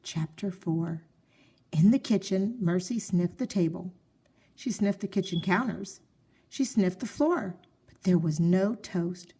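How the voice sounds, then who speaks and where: A woman reading a children's storybook aloud with expressive, gently paced storytelling. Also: on the low side, measured pace, slightly rough.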